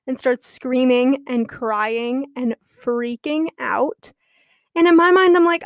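Chatty young woman, fairly high voice. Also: a little slow, no echo, studio quality. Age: young adult. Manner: chatty and gossipy, laughing often. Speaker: podcast host. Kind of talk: casual chat.

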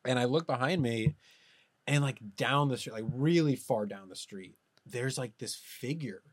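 A man co-hosting a podcast, casually telling a story, animated, laughing often and dropping to a hush for suspense. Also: mid-range voice, moderate pace, no echo. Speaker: podcast co-host.

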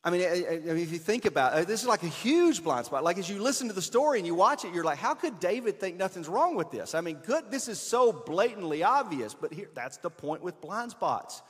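A man preaching a conversational sermon, switching between emphatic bursts and hushed asides. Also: high-pitched, big pitch swings, fairly quick, hardly any pauses, long reverb tail, faint music behind. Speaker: pastor.

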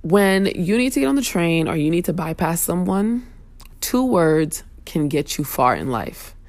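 A woman's voice: lowish voice, very animated, unhurried, a little mellow. A young woman hosting a casual talk show, venting bluntly and sassily with plenty of profanity. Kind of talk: casual opinion rant.

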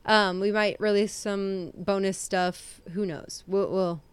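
A woman's voice: mid-range voice, fairly even intonation, slow, clear, resonant tone, no echo. Woman cohosting a true crime podcast, chatty, jokes at herself, laughs a lot. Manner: chatty, laughs often, self-deprecating. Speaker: podcast co-host.

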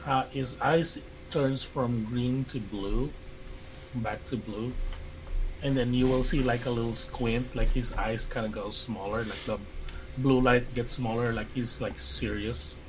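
A man's voice: mid-range voice, fairly even intonation, unhurried, slight background noise, poor audio. A man playing a tabletop game, describing his character's actions in a rambling way full of fillers. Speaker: player.

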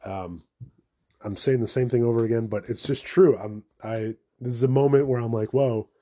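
A young man talks through his own podcast in a loose, rambling way, swearing often and laughing at himself. His voice has a warm, darker tone and sits at an ordinary pitch. He keeps it casual and unscripted. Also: moderate pace. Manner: rambling and profane, self-mocking asides. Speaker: podcast host. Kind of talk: casual solo podcast monologue.

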